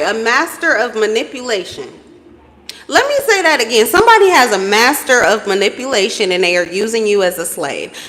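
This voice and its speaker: A woman giving a casual tarot reading to camera, blunt and profane, breaking into sudden high exclamations. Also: a bit bright. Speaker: tarot reader. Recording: reverberant room.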